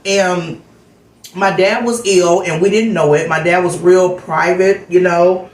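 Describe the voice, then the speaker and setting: A woman's voice: fairly low pitch, steady tone, unhurried, reverberant, low-quality recording. A middle-aged woman vlogger chatting candidly and telling a personal story in a casual way. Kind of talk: casual chat vlog.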